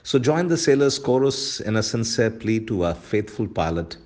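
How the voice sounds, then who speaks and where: Deep-voiced man preaching a morning devotion. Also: sing-song, a little mellow. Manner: measured preaching, slows for scripture readings; clears throat now and then. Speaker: pastor. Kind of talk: devotional sermon.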